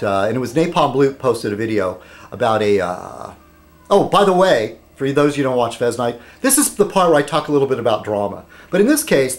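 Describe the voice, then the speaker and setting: A man talking straight to his viewers in a loose, rambling vlog style. He wanders off on tangents and keeps checking in with the listener. His pitch rises and falls a great deal. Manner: rambling, digressive, asks "okay?". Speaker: vlogger. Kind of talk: casual political chat.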